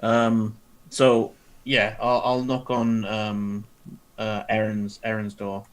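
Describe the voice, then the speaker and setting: A man's voice: on the low side, completely flat delivery, slow, clear, resonant tone. A man playing a tabletop game, speaking hesitantly with many fillers. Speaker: player.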